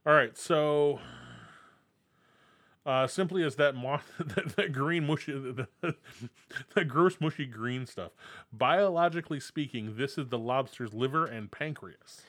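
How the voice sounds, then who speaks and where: A man on a podcast chatting casually and reading food notes aloud, stumbling and restarting as he goes. His voice is mid-pitched and sounds close and dry, with no room around it. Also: measured pace, a bit bright, no echo. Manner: reads food facts aloud, many restarts. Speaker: podcast co-host.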